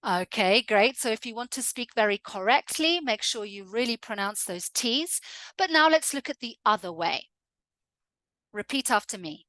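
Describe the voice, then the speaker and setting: Slow, bright-voiced Southern English teacher. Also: female voice, a little high, lively intonation, dry recording, clean studio sound. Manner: slow, clear, drill-like modelling of words. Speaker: accent teacher. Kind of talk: pronunciation lesson.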